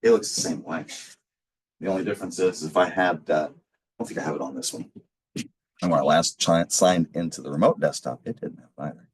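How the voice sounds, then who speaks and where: A man's voice: very deep voice, brisk, far from the mic. A male instructor giving a casual recorded class lecture, rambling with many fillers and restarts.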